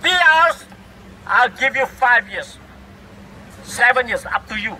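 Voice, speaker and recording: A man's voice: very high-pitched, lively intonation, slow pace, pushed and bright, a little hiss or hum, poor audio. A middle-aged man with a Singaporean English accent giving a fiery, rhetorical speech that scolds the government, recorded outdoors in a city. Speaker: speaker at a public rally. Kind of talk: impassioned public speech.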